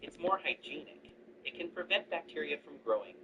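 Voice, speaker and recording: A calm, matter-of-fact maternity nurse, voiced by a man who keeps telling everyone not to worry. The voice moves in a lively way, heard from a little off-mic with music underneath. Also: fairly high pitch, normal speed, muffled recording, natural voice. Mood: reassuring. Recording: distant mic with background music.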